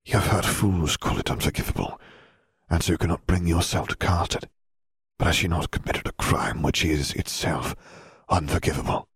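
A man voicing a calm, manipulative young male wizard who speaks softly and persuasively. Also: sits low, normal speed, no echo, studio quality, full character voice. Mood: coaxing. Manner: soft, smooth, persuasive. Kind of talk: audiobook character voice.

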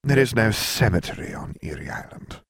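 A man's voice: lowish voice, very animated, a little fast, vocal fry, a bit bright, breathy edge, no echo, studio quality, pitched above the performer's own voice, heavily acted. A man voicing a sly, mocking female prison warden with a serpent's tail, speaking in a languid drawl.

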